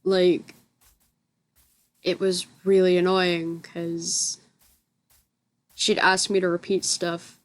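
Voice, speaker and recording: Speaking slowly in a fairly low, flat voice and pausing often, a young American woman narrates a meandering story for her gaming channel. She's chatty and corrects herself often, and the voice-over was recorded separately from the game footage.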